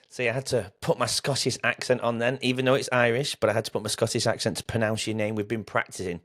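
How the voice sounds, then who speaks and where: A man's voice: medium pitch, little pitch movement, fast talker, hardly any pauses, fairly bright tone. A man hosting a podcast interview, chatty and rambling with frequent restarts. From England. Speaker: podcast host.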